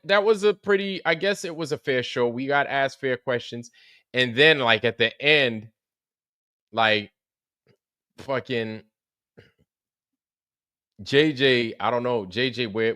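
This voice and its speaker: A man of middle pitch talks loosely to his livestream chat, swearing freely and laughing between stories. He greets viewers by name as he goes. His voice sits close and dry on the mic, with no room sound. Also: unhurried, long pauses, bright, forceful tone, smooth, no echo. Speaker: livestream host. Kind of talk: casual livestream recap chat.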